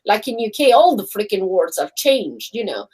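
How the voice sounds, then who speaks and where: A woman from Albania with an Albanian accent, co-hosting a casual live-stream chat, animated and laughing often. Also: mid-range voice, normal speed, breathy edge, rough recording. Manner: animated, laughs often, acts out quoted people. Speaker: co-host. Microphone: phone or webcam on a live stream.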